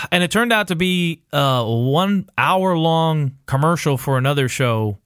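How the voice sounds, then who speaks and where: A man's voice: a little high, lively intonation, slow pace, a bit bright, clear, resonant tone, dry recording, studio quality. Rambling, swearing podcast guy. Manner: rambling, profane, full of fillers and quoted asides. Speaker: podcast co-host. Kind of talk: casual TV recap chat.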